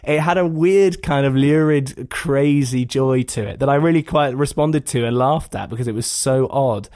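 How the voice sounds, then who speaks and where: A man's voice: mid-range voice, normal speed, a little mellow, dry recording, clean studio sound. A man hosting a podcast, chatting casually and with a wry, joking manner. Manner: wry and jokey. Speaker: podcast host. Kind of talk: casual chat.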